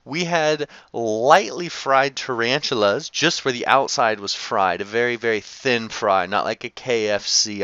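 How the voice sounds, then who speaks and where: A man telling a food travel story to camera in a casual, animated, profane way that is often broken by laughter. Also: medium pitch, a little slow, clean tone, no room sound. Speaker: travel vlogger. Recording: slightly dull lo-fi sound.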